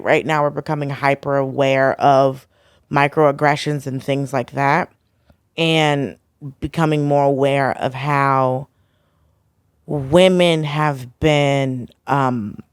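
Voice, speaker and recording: A woman's voice: low-pitched, clear, resonant tone, dry recording, clean studio sound. A woman comedian from the United States, telling stories bluntly and with energy in a casual podcast chat, acting out the dialogue she quotes. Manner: animated storytelling, acts out quoted dialogue, blunt. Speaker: guest comedian.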